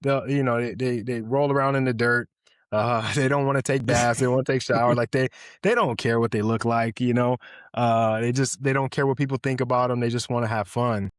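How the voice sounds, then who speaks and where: A man's voice: mid-range voice, fairly even intonation, fairly quick, no room sound, clean studio sound. A man talking casually and reflectively, often repeating words and checking in with "right?". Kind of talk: casual conversation.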